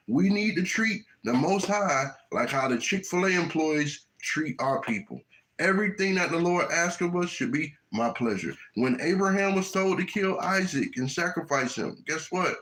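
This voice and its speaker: A man's voice: high voice, expressive, moderate pace, fairly bright tone, low-quality recording. A man preaching a sermon outdoors in the heat, often checking in with the crowd by asking "right?". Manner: preaching with frequent "right?" tags. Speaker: street preacher. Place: outdoors in hot weather.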